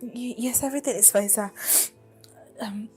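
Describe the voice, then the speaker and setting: An actress playing a timid Nigerian office cleaner who speaks hesitantly and sounds tearful. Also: female voice, fairly high pitch, normal speed, dark tone, soft background music, lightly acted. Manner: hesitant, deferential, stammering. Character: timid young woman cleaner, hiding tears.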